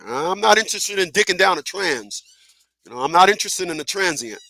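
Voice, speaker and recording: A man hosting a live talk radio show who talks in an animated, profane way, laughs often and repeats himself. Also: sits high, brisk, no echo.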